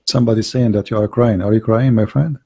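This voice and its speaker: A man with a gravelly, husky voice hosts a casual online debate call. He talks in halting bursts, repeating words as he searches for them, and grows blunt and confrontational. His tone is dark and mellow, recorded dry and close. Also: on the low side, fairly even intonation, no room sound.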